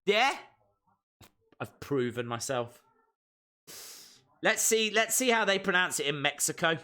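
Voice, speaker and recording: A man's voice: high-pitched, sing-song, unhurried, pushed and bright. A man hosting a live reaction stream, chatting playfully and reading viewer comments aloud.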